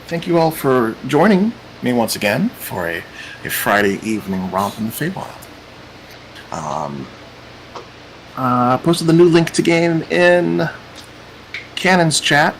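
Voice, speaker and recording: A man's voice: a little high, animated, takes it slowly, long pauses, a little hiss or hum, low-quality recording. Chatty man hosting a tabletop game. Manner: chatty, meandering, repeats "cool". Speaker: game master.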